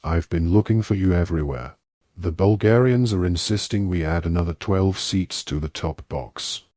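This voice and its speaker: A man plays a stiff, elderly official in an audiobook, clipped and dry with an edge of impatience. The voice is deep and recorded close and dry. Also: moderate pace, darkish tone, no echo. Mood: impatient. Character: stiff, rule-bound elderly male official.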